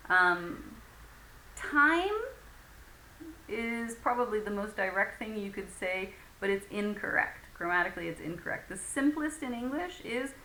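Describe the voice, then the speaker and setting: A woman's voice: medium pitch, lively intonation, unhurried, sharp tone. A woman teaching an English conversation lesson in a patient way, with many fillers, acting out example phrases. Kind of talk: recorded lecture. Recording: echoey room with faint ambient noise.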